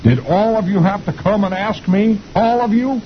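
A man's voice: normal speed, lo-fi sound, slight background noise, natural voice. Man doing an exasperated old army general. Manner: high exasperated voice. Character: irate older male army general.

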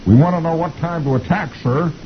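A man voicing a naive, excitable young army private in a high squeaky voice, reading a comic strip aloud. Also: brisk, highs cut off, slight background noise, close to an everyday voice. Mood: earnest.

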